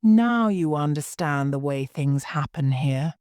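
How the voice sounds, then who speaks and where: A woman voicing a fussy, scatterbrained old queen who talks in a high, fluttery way and breaks into wailing cries. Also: animated, measured pace, a little mellow, dry recording, studio quality.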